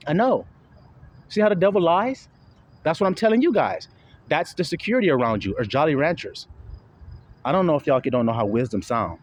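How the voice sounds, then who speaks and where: High lively-voiced man preaching. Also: brisk, long pauses. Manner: preachy, plays mock voices of listeners, swings loud and hushed; casual slangy talk with swearing. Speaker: self-styled preacher. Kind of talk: street-style preaching monologue.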